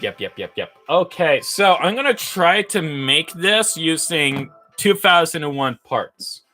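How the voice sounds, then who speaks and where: Slow, bright-voiced playful man. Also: fairly high pitch. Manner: playful, rambling, self-mocking, thinks aloud. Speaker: livestreamer building brick models. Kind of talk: casual livestream chatter.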